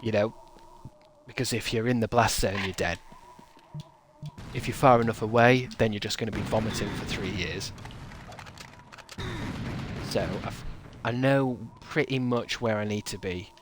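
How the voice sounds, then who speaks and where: A man's voice: on the low side, measured pace, long pauses, background noise. An English man chatting casually on a stream, rambling and joking while he reads out viewer messages. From England. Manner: rambling and jokey.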